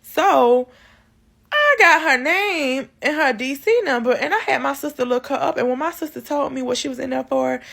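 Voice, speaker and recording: A woman's voice: sits high, normal speed, gravelly, a bit bright. A woman vlogger telling her life story in a casual storytime, speaking candidly and directly to her viewers. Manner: candid, talks straight to viewers; loose and conversational, many fillers.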